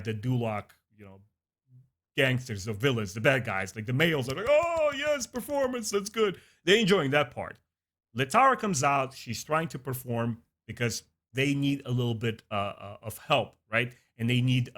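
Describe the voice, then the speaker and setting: A man's voice: medium pitch, fairly bright tone. A man casually recapping a TV episode, enthusiastic and chatty with many fillers. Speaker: TV episode reviewer.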